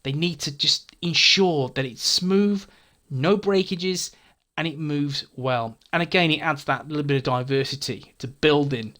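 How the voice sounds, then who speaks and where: A man's voice: fairly high pitch, unhurried, few pauses, sharp tone. A man hosting a gaming channel, casually answering viewer comments in a frank, chatty way, often stumbling and repeating words.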